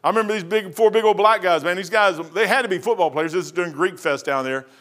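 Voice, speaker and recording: A man with a Kentucky accent preaches in a high, bright register. He tells stories in a folksy, joking, animated way, his voice swinging up and down as he goes. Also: quick pace. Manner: folksy, jokey, animated storytelling. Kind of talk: storytelling sermon.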